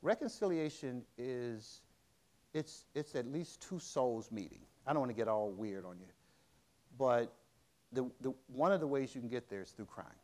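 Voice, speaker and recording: Brief middle-aged man lecturing, lively pitch that rises and drops to quiet asides, loose and halting storytelling. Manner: conversational, halting with frequent restarts and fillers. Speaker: museum director giving a public lecture.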